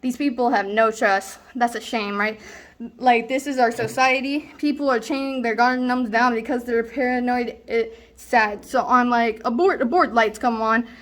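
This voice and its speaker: A woman's voice: fairly high pitch, moderate pace, lightly acted. A young woman playing a rambling reckless slacker. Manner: rambling, excitable storytelling with fillers. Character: rambling reckless slacker student, gleefully boastful. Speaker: student actor. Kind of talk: stage monologue, self-recorded.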